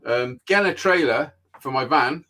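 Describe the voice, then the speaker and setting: A man's voice: medium pitch, animated, normal speed, sharp tone. A man, a live show host swearing freely and laughing often in casual chat.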